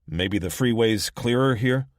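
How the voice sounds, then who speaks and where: A man's voice: mid-range voice, a little slow, dry recording, clean studio sound, voice pushed up, lightly acted. A man voicing a petulant, whiny grown man riding as a passenger in an audiobook. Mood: nervous. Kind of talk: audiobook character voice.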